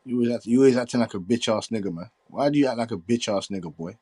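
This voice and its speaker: A man in a heated, profane boxing debate, combative and quick to laugh it off as banter. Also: medium pitch, mellow, husky, no echo.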